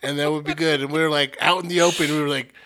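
A man's voice: a little high, steady tone, fast, pushed and bright. A man co-hosting a casual chat, cutting in with wry remarks and swearing freely.

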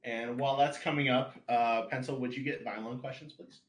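A man hosting a podcast interview, briskly reading out the listener questions. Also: medium pitch, steady tone. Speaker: podcast host. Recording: roomy echo.

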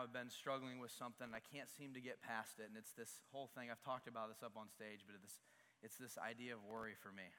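A young man delivers a sermon in a bright, forceful voice that carries through a large church hall with a long reverb tail. He speaks in an earnest, confessional way and builds to emphatic peaks. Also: medium pitch. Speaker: pastor.

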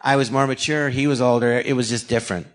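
Animated man telling show-business stories. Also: mid-range voice, fast talker. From California. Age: 40s or older. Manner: animated storyteller acting out quoted dialogue. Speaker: guest. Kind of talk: anecdotal storytelling.

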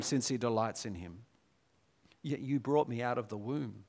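A man preaching a sermon, moving between hushed, slow passages and raised, intense scripture readings. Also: medium pitch, expressive.

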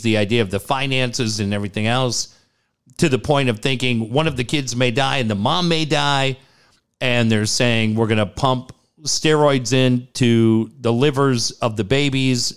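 An animated man tells a personal story in casual conversation. He acts out the other people in the story, and his voice leaps up sharply when he quotes them. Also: smooth. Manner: animated, acts out quotes with big pitch jumps. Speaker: guest telling a personal story.

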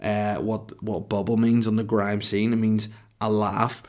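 A man's voice: on the low side, flat delivery, moderate pace, darkish tone. A man in his thirties hosting a podcast, telling a rambling comic story in a jokey, self-mocking way. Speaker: podcast host.

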